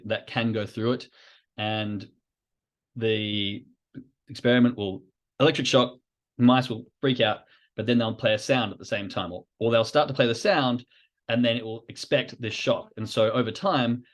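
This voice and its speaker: A man hosting a podcast, explaining ideas in an informal, conversational way with frequent fillers. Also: mid-range voice. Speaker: podcast host. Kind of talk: educational podcast talk.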